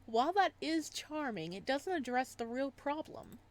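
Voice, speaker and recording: Reading lines for a visual novel, this woman plays a possessive male psychiatrist who speaks softly. She has a high voice and a moderate pace, and her delivery is calm yet quietly unsettling.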